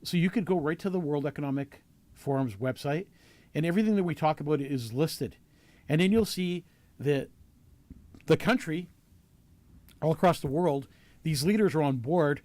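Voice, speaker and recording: A man's voice: on the high side, lively intonation, moderate pace, pauses often, mellow, no echo. A man hosting a talk show, asking earnest questions with many fillers and restarts. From Canada. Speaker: show host. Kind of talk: casual talk show discussion.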